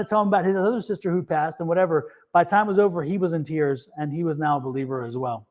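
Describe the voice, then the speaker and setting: A man's voice: fairly high pitch, quick pace, hardly any pauses, darkish tone. A man hosting a tarot reading show, telling stories casually with many restarts and laughs. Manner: rambling storyteller with many restarts and fillers; laughs easily. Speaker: tarot reader and show host. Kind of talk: casual live-stream chat.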